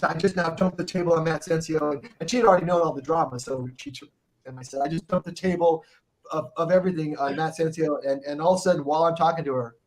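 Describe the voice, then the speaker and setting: Slightly high-voiced man telling a rambling story. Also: quick pace. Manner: rambling, profane, restarts often. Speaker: guest musician telling a tour story. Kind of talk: casual storytelling in a podcast chat.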